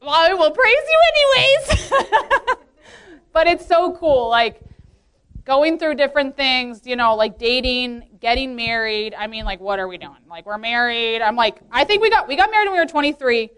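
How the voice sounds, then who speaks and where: Chatty young woman with high voice. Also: moderate pace, fairly bright tone. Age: 20s. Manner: chatty and earnest, heavy use of "like", laughs often. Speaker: youth leader speaking at a women's meeting. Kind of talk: casual testimony talk.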